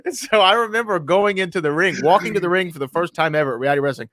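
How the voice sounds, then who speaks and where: A man hosting a sports radio show, telling stories in an animated way with frequent laughs. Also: high-pitched, racing. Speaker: radio host, ring announcer. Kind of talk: casual radio chat.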